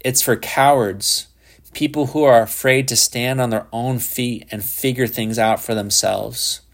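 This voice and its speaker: A man's voice: mid-range voice, fairly even intonation, a little slow, natural voice. A man voicing a bitter, exasperated father who speaks in a clipped way. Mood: scornful.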